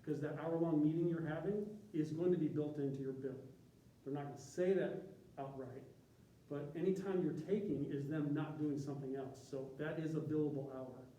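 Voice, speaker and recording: A man gives a casual presentation, drifting through tangents and restarting his sentences. His voice sits a little high and has a mellow tone. It is recorded from a distance in a roomy, echoey space. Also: steady tone, a little fast, a little hiss or hum. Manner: conversational, rambling with tangents and restarts. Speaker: university graphic designer giving a presentation. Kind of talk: informal presentation to a group. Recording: echoey room from a distance, faint ambience.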